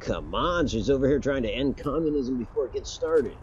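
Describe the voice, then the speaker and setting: A man's voice: medium pitch, animated, normal speed, lo-fi sound, slight background noise. A man streaming a game, giving casual commentary, rambling, correcting himself and swearing casually. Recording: loud game gunfire behind voice. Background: game gunfire and artillery.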